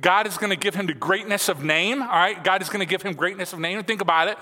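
A man's voice: high-pitched, fast, bright, forceful tone, in a large hall. A man in his forties preaching a sermon in a church, telling stories casually with lots of fillers. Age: 40s. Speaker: pastor. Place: church sanctuary.

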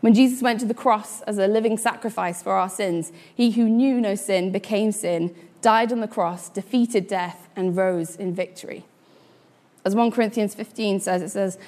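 A woman's voice: mid-range voice, moderate pace, a little mellow. A woman in her late twenties giving a sermon, telling a story with fillers and small laughs before reading scripture. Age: late 20s. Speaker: preacher.

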